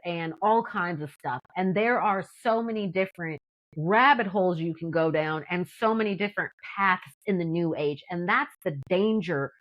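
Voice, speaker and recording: A woman sharing her personal faith testimony in a casual, animated way, acting out what people said with lots of "like" and fillers. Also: on the low side, moderate pace, highs cut off. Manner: animated, acts out quotes, frequent "like". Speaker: testimony guest.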